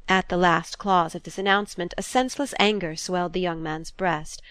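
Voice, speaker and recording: A woman narrating a classic novel in an even, measured reading. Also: lowish voice, smooth, no echo. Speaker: audiobook narrator.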